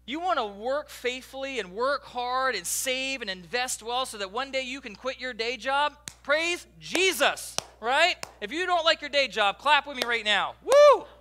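Male pastor, high voice and very bright, chatty sermon with jokes aimed at the congregation. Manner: joking, animated, talks directly to the congregation. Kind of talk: conversational sermon. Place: church.

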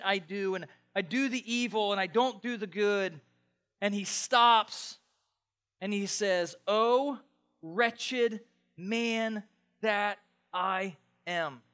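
A pastor preaching a conversational sermon, dropping to quiet asides and building to excited, loud passages. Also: male voice, high-pitched, clean tone.

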